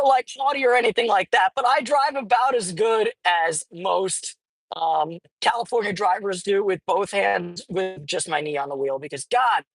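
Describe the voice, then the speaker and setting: A woman's voice: medium pitch, slightly rough, no echo, low-quality recording. Rambling, cursing woman vlogging from a car. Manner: rambling, profane, many fillers. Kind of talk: casual chat while driving. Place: inside a car.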